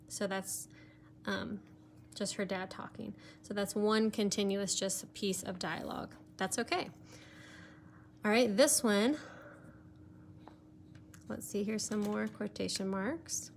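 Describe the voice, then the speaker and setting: A woman's voice: medium pitch, slight background noise. Woman teacher walking through a text. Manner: explains step by step with many fillers. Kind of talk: recorded remote lesson, annotating a text.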